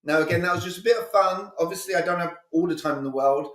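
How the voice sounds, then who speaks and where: A man's voice: high voice, quick pace, fairly bright tone, echoey room. A male communication coach giving a live online sales training, talking energetically and with emphasis, acting out sales dialogues.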